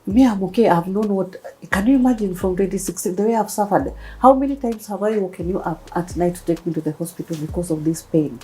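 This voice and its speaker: A woman's voice: medium pitch, fast, few pauses, low-quality recording. A woman in her thirties with a Kenyan accent, a guest telling her personal story in an interview and acting out what others said. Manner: animated storytelling, acting out quoted voices.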